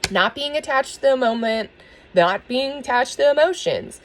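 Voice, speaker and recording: A woman's voice: sits high, animated, normal speed, low-quality recording. Earnest woman giving a tarot reading. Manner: soft, earnest, emotional with small laughs. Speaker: tarot reader. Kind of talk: spiritual tarot reading to camera.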